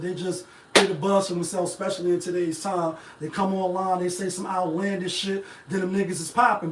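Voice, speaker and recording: A man's voice: high-pitched, a little hiss or hum. A man hosting a live-stream talk show, rambling in casual, profane commentary straight to his viewers. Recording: echoey room, mic at a distance.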